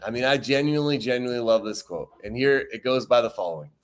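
A man's voice: mid-range voice, lively intonation, fast talker. Man hosting a casual recovery livestream. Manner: conversational, repeats points for emphasis. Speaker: recovery talk host.

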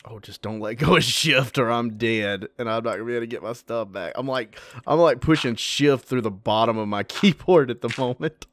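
A man's voice: medium pitch, a little fast, hardly any pauses, a bit bright, dry recording. A man giving casual, chatty commentary while playing a video game, often yelping when startled. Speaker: let's play gamer.

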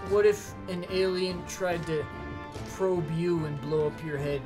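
A man's voice: sits high, measured pace. A young man hosting a let's play, chatting casually with crude jokes. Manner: crude, joking, animated. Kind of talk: casual gaming chat. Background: video game music.

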